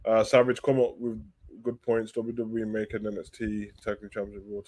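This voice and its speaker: A man hosting a live wrestling talk stream, reading viewer questions aloud and answering them in loose, slangy, animated chat. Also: fairly low pitch, a little fast. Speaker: wrestling talk show host.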